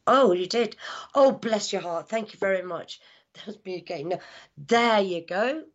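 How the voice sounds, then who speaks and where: A woman working as a psychic medium, giving a live reading with halting speech, lots of fillers, hushed asides and affectionate words like darling. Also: medium pitch, lively intonation. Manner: affectionate, calls people darling and my lovely. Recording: dull lo-fi sound.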